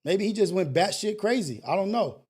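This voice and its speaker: A man's voice: high-pitched, expressive, fairly quick, darkish tone, breathy edge. A man hosting a call-in talk show, ranting bluntly and emphatically, with slang and profanity and lots of repetition. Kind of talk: casual motivational talk show rant.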